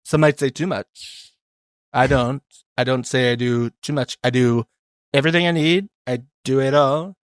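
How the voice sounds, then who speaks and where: A man co-hosts a podcast, recapping things in a casual, animated chat at a normal speed. He swears and mimics other people in high voices, and the recording has no room sound.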